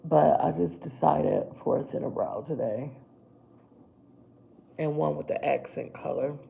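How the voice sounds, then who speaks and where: Low gravelly woman on a lo-fi livestream. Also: a little slow, dark tone. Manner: chatty, talks to viewers while doing her brows. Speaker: livestream makeup host. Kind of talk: casual live makeup chat.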